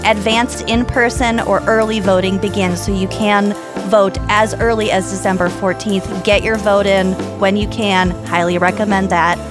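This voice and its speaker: A woman's voice: medium pitch, steady tone, normal speed, few pauses, over music. Emphatic woman podcast co-host. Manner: earnest and emphatic, laughs often. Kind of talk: casual chat and read-out plug.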